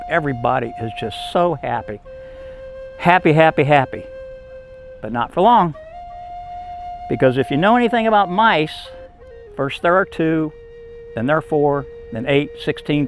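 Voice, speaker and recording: Brief: man storyteller for kids, emphatic, somewhat high voice. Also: moderate pace, soft background music. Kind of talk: telling a folk tale to children.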